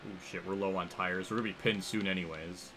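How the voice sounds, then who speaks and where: A young man livestreaming a racing game, rambling and thinking aloud as he reacts loudly to the action on track. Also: sits low, fairly even intonation, fast talker, background noise. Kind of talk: live gameplay commentary.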